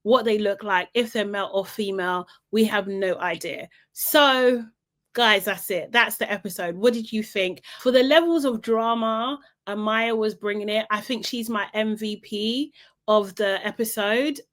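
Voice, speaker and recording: A young woman in a casual, gossipy vlog recap, talking in a chatty, animated way full of "like" and "you know". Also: medium pitch, measured pace. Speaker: reality TV recap vlogger.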